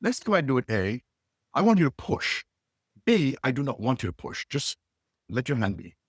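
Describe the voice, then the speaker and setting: A middle-aged man, a leadership coach, telling stories with lively inflection and acting out the dialogue. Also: medium pitch, normal speed, slightly rough, no room sound, studio quality. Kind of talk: animated storytelling.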